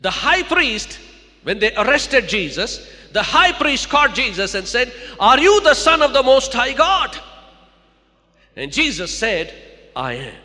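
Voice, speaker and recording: A man's voice: very high voice, very animated, a little slow, bright, forceful tone, big-room sound. A man preaching a sermon to a church, repeating key lines and calling out to the congregation.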